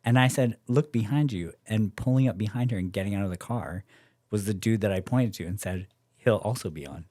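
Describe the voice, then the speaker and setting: A man's voice: on the low side, fairly quick, warm tone, no room sound, studio quality. A young Canadian man, a podcast guest, telling a story in casual chat, acting out quoted voices and swearing freely.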